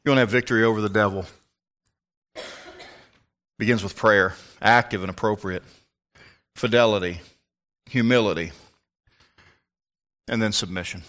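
A man's voice: on the low side, moderate pace, long pauses, a bit bright. An older man, a pastor, preaching a sermon in an emphatic, folksy way with asides to the congregation.

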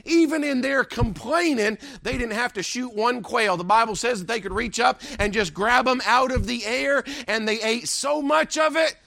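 Male preacher, high gravelly voice, dry close sound, emphatic rhetorical sermon delivery with a repeated refrain. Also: normal speed, hardly any pauses, sharp tone, no room sound.

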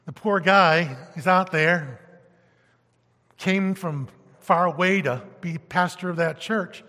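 Male pastor, high and bright, emphatic sermon delivery, long church-hall reverb. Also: takes it slowly. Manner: animated, emphatic, swinging from loud to hushed.

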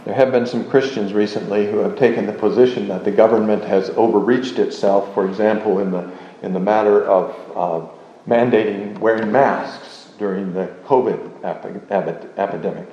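A man's voice: fairly low pitch, dark tone, slight background noise. Man teaching doctrine in a roomy hall. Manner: measured, deliberate, with frequent uh fillers. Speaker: teacher of a confession. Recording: roomy, dull lo-fi recording.

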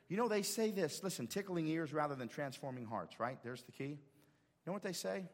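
A man's voice: on the high side, lively intonation, moderate pace, long reverb tail. A male pastor preaching a sermon, quoting scripture with dramatic emphasis and rising intensity. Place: church sanctuary.

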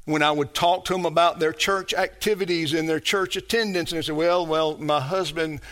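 A man preaching a sermon as pastor, emphatic and repetitive, building his phrases up to shouts. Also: high-pitched, fairly even intonation, brisk.

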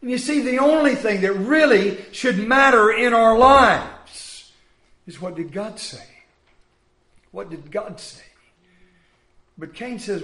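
High-voiced preacher in an echoey church. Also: male voice, expressive, takes it slowly. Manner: dramatic, acts out voices of biblical figures, swings loud and soft. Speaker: pastor. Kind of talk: sermon. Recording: echoey room.

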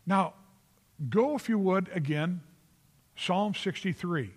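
A man's voice: high-pitched, slow pace. A man preaching a sermon, earnest and emphatic, repeating phrases for stress and calling on listeners by name. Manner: addresses listeners directly by name. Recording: long reverb of a large hall.

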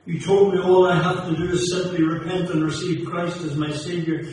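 Man, sermon, sing-song preaching, impassioned swells and hushed drops, slightly high voice, heavily echoing hall, distant mic. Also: little pitch movement, brisk. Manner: impassioned, rising and falling between loud and hushed. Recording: very echoey hall from far off with faint noise.

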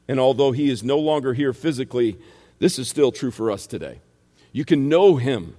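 A man's voice: medium pitch, lively intonation, moderate pace, dark tone. Male preacher, rural American accent, emphatic, mid-range voice, long hall reverb. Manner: emphatic, rhetorical questions. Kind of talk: expository sermon.

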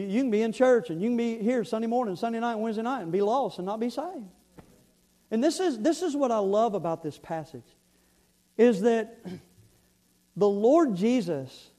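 A man preaches from the pulpit in an earnest, storytelling way. His voice sits high, and he often doubles back on words as he builds a point. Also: warm tone, rough recording. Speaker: pastor. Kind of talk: sermon.

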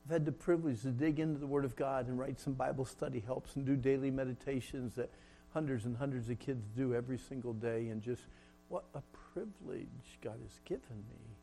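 Gravelly middle-aged man preaching. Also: medium pitch, flat delivery, fast, a little hiss or hum. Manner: storytelling, swings from loud and laughing to hushed and solemn. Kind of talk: sermon.

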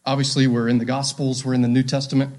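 A man's voice: medium pitch, little pitch movement, quick pace, darkish tone. A man preaching a sermon, emphatic and repeating his key phrases, reading scripture aloud with drama.

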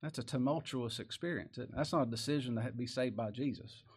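A man's voice: mid-range voice, fast talker, slightly rough. A man preaching a sermon in a folksy, conversational way, often asking rhetorical questions.

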